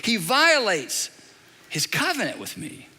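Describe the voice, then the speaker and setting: A middle-aged man preaching a sermon from a church stage, emphatic and animated, with dramatic repetition. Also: high voice, unhurried, breathy edge. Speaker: pastor. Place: large church auditorium. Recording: long reverb of a large hall.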